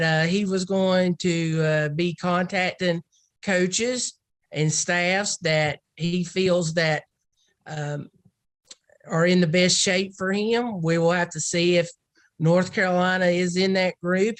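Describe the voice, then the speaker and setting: A woman's voice: on the low side, no echo. A woman football recruiting analyst in a casual podcast discussion, rambling and thinking aloud.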